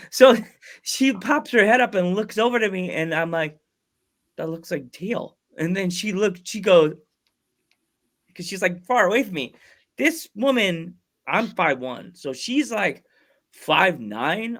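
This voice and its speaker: Podcast host, male, higher register, rambling anecdotal delivery with frequent restarts. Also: fairly bright tone. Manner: rambling storyteller who acts out quoted voices; halting restarts mid-sentence. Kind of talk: casual podcast interview.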